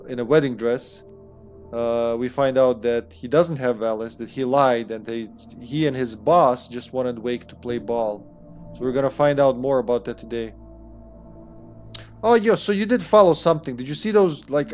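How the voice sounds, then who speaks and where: Male streamer, mid-pitched, upbeat and chatty, loose swearing, casual home setup. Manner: upbeat, greets chat by name, swears casually. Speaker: streamer and host. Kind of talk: casual live-stream chat while gaming. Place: room at home.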